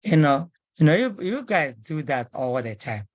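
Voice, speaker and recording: A woman's voice: sits low, very animated, moderate pace, a little mellow, no echo. A woman teaching a language lesson, patiently repeating phrases word by word.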